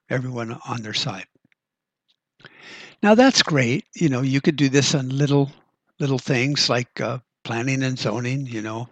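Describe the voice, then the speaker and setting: Blunt, husky-voiced man podcasting. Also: medium pitch, fairly bright tone, no room sound. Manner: blunt, profane, rambling with many fillers. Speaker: podcast host. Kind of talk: casual political monologue.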